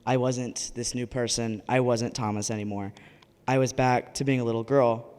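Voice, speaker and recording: A man's voice: medium pitch, fairly even intonation, moderate pace, a little mellow, clean tone, long reverb tail. A young man telling a personal story live on stage, earnest with wry asides. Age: young adult.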